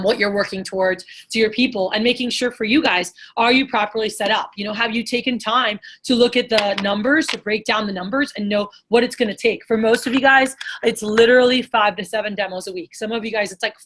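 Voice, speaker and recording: A woman sales trainer giving an energetic, casual motivational talk, full of rhetorical questions and fillers. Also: mid-range voice.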